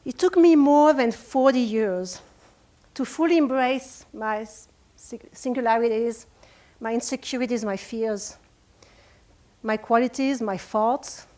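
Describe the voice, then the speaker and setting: A woman's voice: fairly high pitch, unhurried, dark tone. Earnest French-accented woman speaker. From France. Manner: earnest, emotional, heartfelt. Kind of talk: motivational stage talk. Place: retreat conference room.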